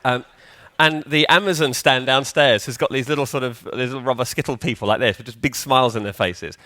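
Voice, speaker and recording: A man's voice: medium pitch, fairly quick, sharp tone. A man giving a live conference talk in a hall, chatty and joking, quizzing the audience. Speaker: conference speaker.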